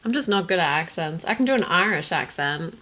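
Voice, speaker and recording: A woman co-hosting a podcast, her voice bright and a little low-pitched. She trades wry, joking asides in a relaxed watch-along commentary. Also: a little fast. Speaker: podcast co-host.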